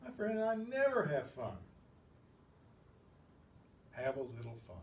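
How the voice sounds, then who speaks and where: A man teaching a language class, patient and methodical with wry asides, often clearing his throat, on a lapel mic that picks up static. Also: a little high, sing-song, measured pace, echoey room, recorded from a distance. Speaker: Spanish teacher. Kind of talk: classroom lesson. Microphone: lapel mic that catches his badge.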